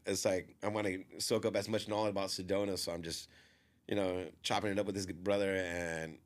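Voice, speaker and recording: A man with a somewhat low voice tells a long story in a relaxed podcast conversation. He rambles, fills his sentences with small fillers and keeps quoting what other people said. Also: brisk. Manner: rambling, filler-heavy, often quotes others.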